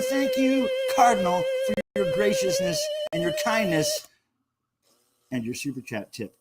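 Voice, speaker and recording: A man's voice: mid-range voice, a little mellow. Chatty, profane man hosting a livestream. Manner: chatty, loose, swears casually. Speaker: livestream host. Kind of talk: casual livestream chat reading comments.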